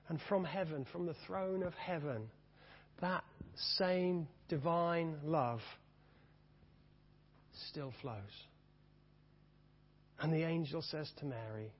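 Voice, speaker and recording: A man's voice: on the high side, animated, measured pace, long pauses, slightly rough. A man preaching a sermon with fervent, rising and falling delivery, repeating his key phrases. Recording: dull reverberant hall sound.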